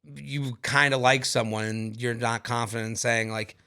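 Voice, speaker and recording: A man's voice: mid-range voice, normal speed. A man co-hosting a podcast in casual chat, joking and reading listener emails aloud. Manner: animated, jokey, reads listener emails aloud. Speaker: podcast co-host.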